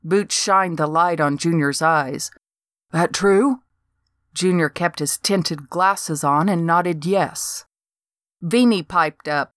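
A woman's voice: on the low side, slow pace, a bit bright, no echo. An older woman reading a first-person story aloud with dry, wry humor. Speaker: narrator.

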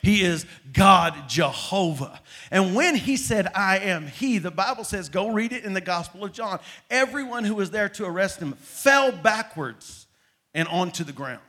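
A man preaching a sermon, moving between hushed passages and loud, dramatic build-ups. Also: sits high, lively intonation, moderate pace. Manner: dramatic, swings from soft to loud.

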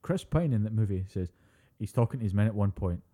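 Male co-host, sweary and animated, low, warm voice. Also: fast talker. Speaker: podcast co-host. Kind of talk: casual chat.

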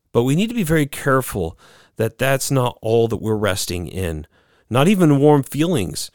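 A man preaching a sermon, earnest and lively, acting out quoted voices in the story he tells. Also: medium pitch, moderate pace, no room sound, clean studio sound.

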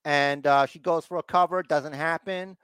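Male podcast co-host, casual wrestling recap, slightly higher voice, dry close sound. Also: fairly even intonation, normal speed, fairly bright tone, clear, resonant tone, no room sound. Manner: acts out wrestlers' lines in mock voices.

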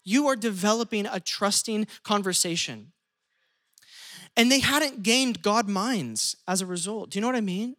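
A pastor preaching a lively sermon, shifting pace often and acting out quoted speech. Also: medium pitch, normal speed.

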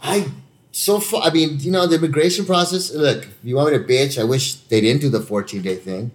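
A man's voice: a little high, a little fast. A man from the United States, an actor, chatting casually and telling stories, laughing often, swearing, and acting out other people's lines. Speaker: actor, guest. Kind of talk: casual chat, storytelling.

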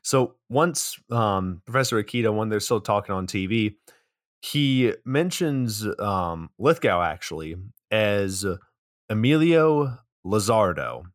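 A man co-hosting a podcast, casually recapping a movie in a rambling, relaxed way with some swearing. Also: lowish voice, takes it slowly, no room sound, studio quality. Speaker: podcast co-host.

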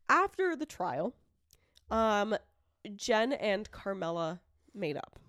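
A woman chats angrily about a case on her podcast, cursing freely and slipping into quoted voices. Her pitch sits in the middle range. The recording is dry and close, with almost no room sound. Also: big pitch swings, extremely slow, fairly bright tone, no echo. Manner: heated, swears a lot, acts out quotes. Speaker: true crime podcast co-host. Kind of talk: casual chat.

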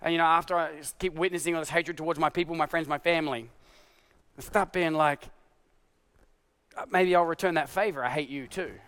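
A male pastor preaching a sermon in an animated, confessional way, swinging from shouted exasperation to hushed tones. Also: fairly high pitch, fairly quick, long pauses, clean tone.

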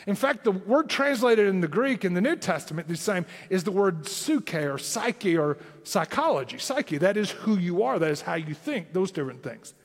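Southern tennessee pastor man preaching, high lively voice, echoey hall. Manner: animated preaching with emphatic rising lines. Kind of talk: sermon.

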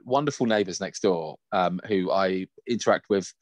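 A man telling a sweary, animated story in casual chat. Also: low-pitched, moderate pace, no room sound. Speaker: podcast co-host.

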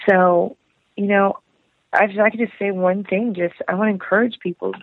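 Expressive woman telling a story over a tinny line. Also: medium pitch, normal speed, no room sound. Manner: emotive, acts out quoted voices, laughs often. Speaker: actress and singer, podcast guest. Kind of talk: animated storytelling in an interview. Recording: tinny phone-like line, dry.

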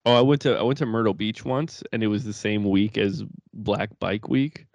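A young man with a low voice tells family stories in a loose, rambling way, swearing freely and laughing through his words. He is recorded close on a dry podcast mic. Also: moderate pace, vocal fry, a little mellow, dry recording, dull audio. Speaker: podcast co-host. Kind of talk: casual chat.

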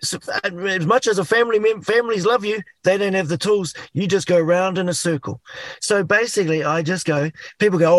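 A middle-aged man with a New Zealand accent, a guest talking in an animated way and acting out inner voices. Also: high-pitched, a little fast, no room sound. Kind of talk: casual chat.

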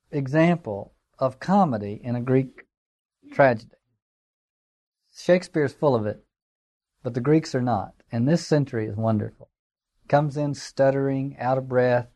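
A man's voice: mid-range voice, darkish tone. A man giving a classroom lecture in a conversational, digressive way, with fillers and wry asides. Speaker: teacher.

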